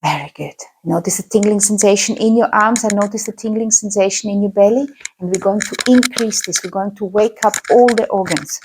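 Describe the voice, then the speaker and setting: A woman teaching a qigong class, calmly guiding movements and breathing. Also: medium pitch, a little fast, hardly any pauses, a little hiss or hum. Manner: calm, guiding instructions. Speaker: qigong instructor.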